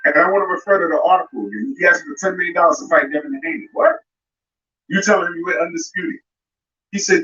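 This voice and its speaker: A man's voice: high voice, fast talker, pushed and bright. A man hosting a live boxing show, ranting in a confrontational way and speaking straight at a fighter. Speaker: boxing commentary host. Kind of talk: live commentary rant. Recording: roomy, distant, dull sound with music behind.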